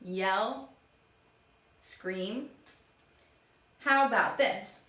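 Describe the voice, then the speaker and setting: A woman teaching young children, acting out each word she explains in a slow, animated way. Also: medium pitch. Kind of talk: children's lesson. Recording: echoey room.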